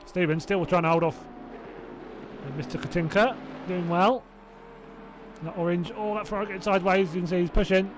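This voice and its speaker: A high-sitting, steady voice moves fairly quickly but pauses often, with background noise present. The speaker, a southern-accented man from Hertfordshire, is live-commentating a sim race and chatting rambly with viewers between calls, adding self-doubting remarks and laughing to himself.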